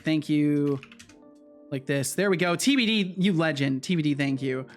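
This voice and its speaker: A man's voice: fairly high pitch, moderate pace, music in the background. A man chatting casually on his livestream, often stammering and repeating words. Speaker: streamer and game developer. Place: home.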